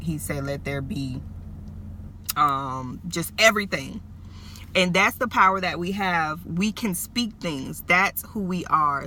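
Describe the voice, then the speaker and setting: A woman's voice: fairly low pitch, pushed and bright, slight background noise. A woman in her thirties giving an earnest, emotional faith talk, speaking straight to her viewers. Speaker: vlogger. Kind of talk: faith-based personal talk to camera.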